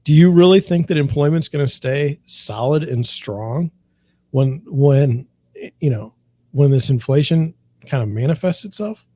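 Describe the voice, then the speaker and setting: A middle-aged man speaks in a slightly raised but mellow voice, venting his frustration in a rambling, repetitive way. The recording is dry and close, with no room echo. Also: on the high side, animated, measured pace. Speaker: real estate broker. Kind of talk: candid monologue to camera.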